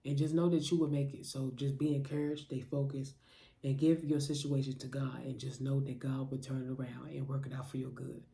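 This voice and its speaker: A woman's voice: very deep voice, little pitch movement, a little fast, gravelly, warm tone. A woman mother giving a spoken faith message of encouragement to parents, urging them directly with repeated calls to pray and not give up. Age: adult mother. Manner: preaching directly to the listener, repetitive urging. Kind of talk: impassioned spoken exhortation.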